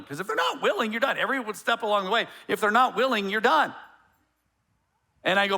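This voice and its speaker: A male pastor preaching a sermon in a conversational, joking way, with quick asides and frequent restarts. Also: high voice, sing-song, pushed and bright.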